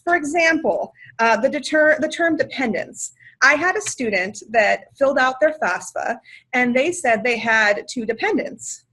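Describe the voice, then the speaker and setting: Cheerful woman running a webinar, kinda high voice, lots of uh's, super enthusiastic. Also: expressive, normal speed, fairly bright tone. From Washington state, USA. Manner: upbeat, enthusiastic, chatty with filler words. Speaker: financial aid outreach presenter. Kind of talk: webinar presentation.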